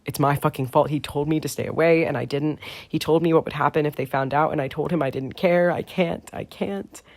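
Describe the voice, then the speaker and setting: A man's voice: mid-range voice, fairly even intonation, normal speed, natural voice. A man voicing a distraught young man who pleads through half sobs in an audiobook. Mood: panicked. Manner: pleading, near sobbing.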